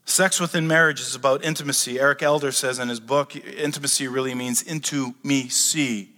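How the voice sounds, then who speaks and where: A middle-aged man preaching a sermon, animated and humorous, rising to excited shouts as he teaches. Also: medium pitch, fairly quick, big-room sound. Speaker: pastor.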